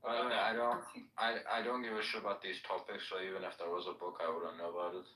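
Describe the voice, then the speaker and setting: Brief: lowish, blunt man, distant from the mic. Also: level tone, fast talker, bright, forceful tone, roomy sound. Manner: blunt, dismissive, swears. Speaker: chat participant. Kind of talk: casual chat.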